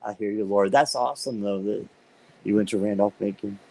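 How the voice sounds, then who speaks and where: A man hosting a live stream, chatting casually with viewers by name and reading tarot cards, upbeat and quick to laugh. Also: lowish voice, creaky, darkish tone, rough recording. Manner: chatty and upbeat, laughs often while talking; talks directly to viewers by name.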